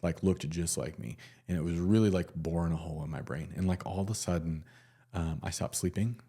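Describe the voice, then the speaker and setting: Young guy with a deep voice, kinda mellow, rambling through a story with lots of "like". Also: breathy edge. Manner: halting, many fillers and restarts. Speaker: nurse. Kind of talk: casual personal storytelling.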